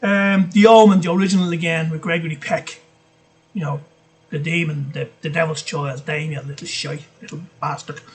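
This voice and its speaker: High-voiced Irish man rambling about films. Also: steady tone, moderate pace, breathy edge. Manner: rambling, blunt, swears freely. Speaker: vlogger. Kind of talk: casual film list chat.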